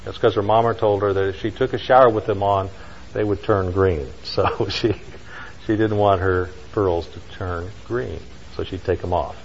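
A man preaching a sermon, telling a story with emphatic lines and slow, quiet stresses. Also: fairly low pitch, steady tone, creaky, in a large hall, muffled recording, a little hiss or hum. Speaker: pastor.

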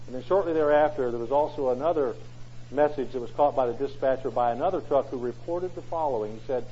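A man's voice: mid-range voice, quick pace, dark tone, breathy edge. A man preaching a sermon in an emphatic way, often asking rhetorical questions. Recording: dull lo-fi recording.

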